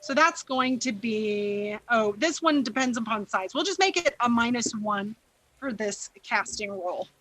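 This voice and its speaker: Chatty high-voiced woman game master. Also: animated, a little slow, a bit bright, rough recording. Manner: casual, chatty, many fillers. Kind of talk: narrating a tabletop game.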